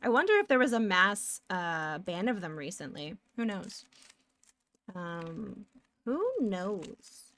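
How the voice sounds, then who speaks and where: A woman's voice: on the low side, very animated, unhurried, fairly bright tone, dry recording. A woman streaming live while she draws pixel art, chatting casually, rambling off on tangents and answering her chat.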